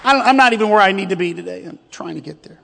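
Man, pastor, preaching a sermon, very high voice, call-and-response, long church reverb. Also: expressive, fast, gravelly, pushed and bright, some chatter behind. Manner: preaching with call-and-response, leading the congregation in repeated declarations. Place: church sanctuary.

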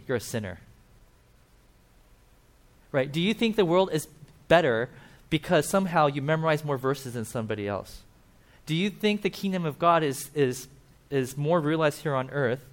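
A man preaching a casual sermon, chatty and full of fillers, often acting out quoted voices. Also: fairly high pitch. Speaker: pastor.

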